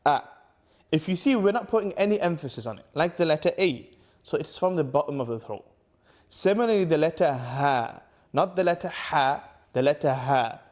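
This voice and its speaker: A man teaching Quran recitation to camera, patiently repeating letter sounds slowly for the viewer. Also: fairly high pitch, a little mellow. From United Kingdom. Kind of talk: tajweed lesson to camera.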